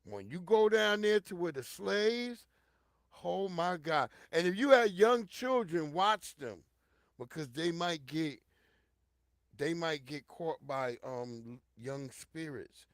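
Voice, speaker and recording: A middle-aged man spins a casual, profane story for his listeners, his voice pitched a touch high for a man. He jumps from loud, excited bursts to hushed, low stretches. The sound is dry and close. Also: slow pace, dry recording. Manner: animated and profane, swinging from loud outbursts to hushed low tones; addresses listeners directly and repeatedly. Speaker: show host telling a personal story. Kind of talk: casual storytelling monologue to an audience.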